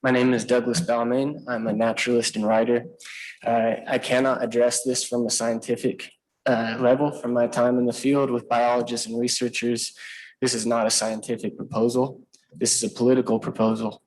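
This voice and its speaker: A man's voice: mid-range voice, flat delivery, moderate pace, a little mellow, poor audio. A man who is a naturalist and writer giving an earnest public comment, with frequent ums and uhs.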